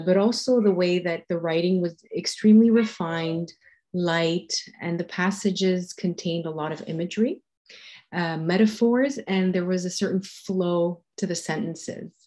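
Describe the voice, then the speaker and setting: A woman's voice: fairly low pitch, darkish tone. Woman with French accent introducing a reader on a video call; hesitant, lots of fillers. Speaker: jury member introducing a reader. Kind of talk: casual spoken introduction.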